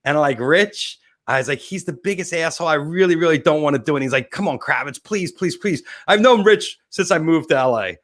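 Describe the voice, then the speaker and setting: Host dude chatting, telling stories, voice a bit on the high side. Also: male voice, animated, quick pace, hardly any pauses, fairly bright tone. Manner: chatty, storytelling, laughs easily. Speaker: show host. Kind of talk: casual interview chat.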